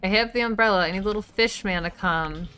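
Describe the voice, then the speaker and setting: A woman's voice: mid-range voice, brisk, bright, forceful tone, soft background music. A woman game streamer chatting casually as she plays, swearing freely and muttering to herself. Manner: swears freely, talks to herself while playing. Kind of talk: casual livestream chat while gaming.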